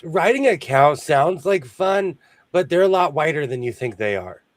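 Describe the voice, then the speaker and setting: Male host, higher voice with lots of melody, chatty and self-deprecating, greeting regulars on a video call. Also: very animated, moderate pace. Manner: chatty, greets viewers by name, jokes about himself. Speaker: host of a live sewing stream. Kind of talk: casual chat.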